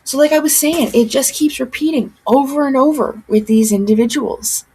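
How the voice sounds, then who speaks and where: A woman records a casual commentary vlog in a slightly raised, breathy voice. She talks in an earnest, insistent way and circles back on her own phrases to press a point home. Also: high voice, normal speed, a little mellow, low-quality recording. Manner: earnest, insistent, repeats herself for emphasis. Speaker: commentary channel host.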